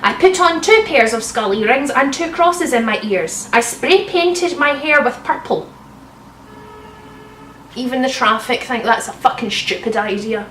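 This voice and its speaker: A woman's voice: a little high, expressive, unhurried, a bit bright, a little hiss or hum. Sarcastic woman reading aloud, roomy. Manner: sarcastic, swears, bursts into laughter. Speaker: comedian reading fanfiction aloud. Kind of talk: comic dramatic reading with mocking asides. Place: room at home. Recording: roomy sound, slightly distant mic.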